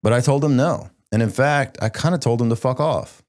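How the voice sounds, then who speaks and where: A young man hosting a podcast in casual chat, talking in an animated, emphatic way with lots of "like". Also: medium pitch, a little fast. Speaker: podcast host.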